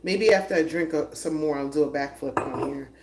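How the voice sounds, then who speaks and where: Woman home cook on a live vlog, low-pitched and chatty, in an echoey kitchen. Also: a little fast. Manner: chatty, laughing, moving around the kitchen. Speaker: vlogger cooking on a livestream. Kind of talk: casual chat to viewers while cooking. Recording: echoey room, voice drifting off-mic, noisy.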